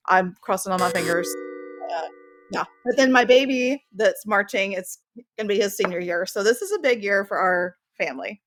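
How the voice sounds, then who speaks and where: A woman's voice: medium pitch, background noise. A middle-aged woman, a band parent, chatting on a podcast with self-deprecating humor. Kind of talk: casual podcast chat.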